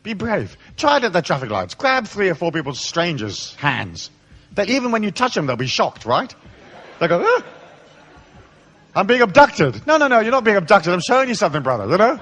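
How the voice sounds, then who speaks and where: Lively, irreverent male seminar speaker. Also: high-pitched, brisk. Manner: irreverent, swears freely, playful storytelling. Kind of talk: live seminar talk. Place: live seminar before an audience.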